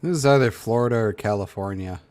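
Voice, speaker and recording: Man, lower register, blunt dry commentary on posts. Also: fast talker, a little mellow. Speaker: reaction streamer. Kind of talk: casual reaction commentary.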